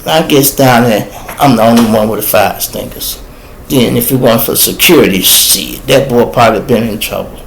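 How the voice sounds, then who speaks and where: A man with a Chicago accent spins a story for his podcast listeners, animated and profane, calling them y'all. His voice has a rough, gravelly edge at a middle pitch. A faint hiss sits under the recording. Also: normal speed, rough recording. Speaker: podcast host. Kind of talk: casual storytelling. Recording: faint background noise.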